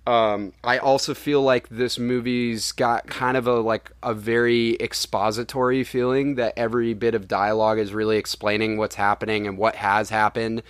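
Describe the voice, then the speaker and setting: A man's voice: medium pitch, normal speed, hardly any pauses, smooth, no echo. A young man, the podcast host, reviewing a film in casual, rambling chat and swearing freely. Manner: animated, profane, rambling.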